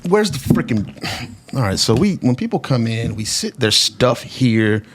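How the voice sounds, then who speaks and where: A man hosting a podcast, asking his guest questions in a relaxed, encouraging way. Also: mid-range voice, unhurried, noisy background. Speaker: podcast host. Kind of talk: casual interview chat.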